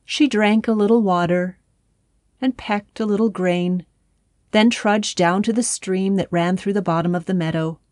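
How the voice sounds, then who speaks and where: A woman narrating a children's storybook in a gentle, unhurried way. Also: medium pitch, dry recording, studio quality.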